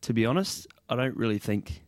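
A man, a guest on a podcast, answering in a relaxed, understated way from slightly away from the mic. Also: mid-range voice, a little fast, no room sound, clean studio sound. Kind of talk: casual interview answers.

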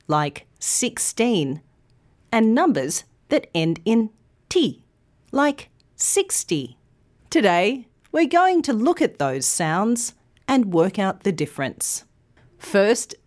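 A woman narrates a scripted English lesson at an unhurried pace. Her pitch moves a lot as she leans on each word, and she pronounces every syllable carefully and clearly. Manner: slow, clear, carefully enunciated teaching. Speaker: English teacher.

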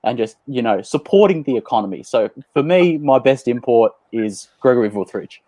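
A man on a sports panel, telling jokes in a dry, deadpan way. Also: medium pitch, moderate pace, no echo. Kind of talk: casual panel chat.

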